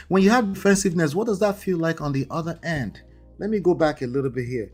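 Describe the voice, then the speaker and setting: A man's voice: on the high side, animated, fairly quick, darkish tone, faint music behind. A man with an accent, hosting a live marriage-coaching stream in a conversational way, often checking in with "right?" and "okay?". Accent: non-native English accent. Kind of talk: livestream talk.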